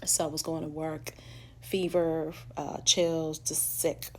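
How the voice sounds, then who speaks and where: Vlogger, female, New York accent, low gravelly voice, frank and profane storytelling, faint room hum. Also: little pitch movement, takes it slowly, darkish tone. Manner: candid and profane, acts out quoted people in a high voice. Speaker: vlogger sharing her life story. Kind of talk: casual storytelling monologue.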